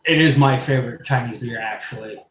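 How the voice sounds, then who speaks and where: A man hosting a casual live stream, rambling and excitable, laughing and swearing as he talks. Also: mid-range voice, fairly quick, a crowd in the background. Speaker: live-stream host showing his pet invertebrates. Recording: echoey room with faint ambience.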